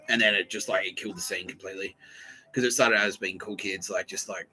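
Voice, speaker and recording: A man's voice: low-pitched, fairly even intonation, fast talker, pushed and bright, poor audio. A man hosting a podcast, talking in a rambling, profane solo monologue and acting out quotes in voices. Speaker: podcast host.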